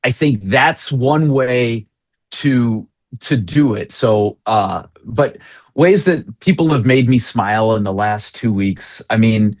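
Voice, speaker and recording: A man's voice: medium pitch, animated, slow, no room sound. Jokey storytelling male pastor, dry sound. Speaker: associate pastor. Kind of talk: interview guest storytelling.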